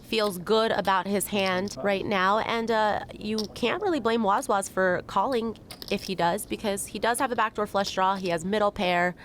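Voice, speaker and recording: A woman giving analytical poker commentary in a measured, thoughtful way. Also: mid-range voice, fairly bright tone, slight background noise.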